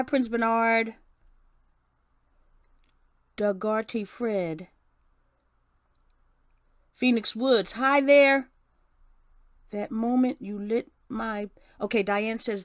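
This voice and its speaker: An older woman with a mid-range voice hosts a casual live stream, first reading a passage, then greeting viewers by name, restarting often. The audio is studio quality with no echo.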